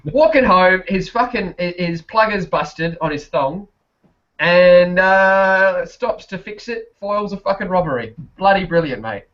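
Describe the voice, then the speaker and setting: Swearing Aussie bloke, muffled lo-fi audio. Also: male voice, sits high, a little slow, a bit bright. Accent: South Australian. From Australia. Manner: heavy swearing, laughs often, rambling anecdotes. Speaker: podcast guest. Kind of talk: casual chat.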